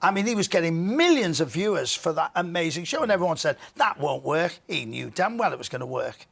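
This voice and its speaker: A man paying tribute in a live news interview, telling stories with lively laughter. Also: on the high side, fairly quick, gravelly. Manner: animated storytelling, laughs, mimics a friend.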